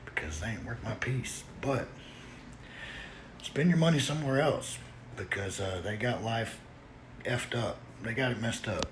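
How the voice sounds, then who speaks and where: A man, upset and trying to calm down, warning others with restrained anger. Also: mid-range voice, a little slow, pauses often, noisy background.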